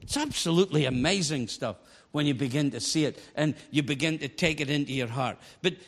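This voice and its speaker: Guy preaching in a church hall, kinda high voice, gets loud and animated, lots of echo. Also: fairly quick, slight background noise. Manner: animated, storytelling with bursts of shouting. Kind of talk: sermon. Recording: long hall reverb.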